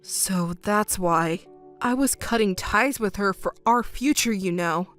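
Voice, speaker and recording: A woman's voice: medium pitch, measured pace, fairly bright tone, soft background music, voice pushed down, natural voice. A woman reading a pleading, deceitful ex-boyfriend. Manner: pleading, evasive. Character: sheepish, deceitful young male ex-boyfriend.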